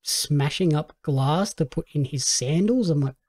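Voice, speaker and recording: A man's voice: fairly high pitch, a little slow, over a noisy crowd. A man hosting a casual podcast chat about films and shows, easygoing and quoting his own reactions. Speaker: podcast host.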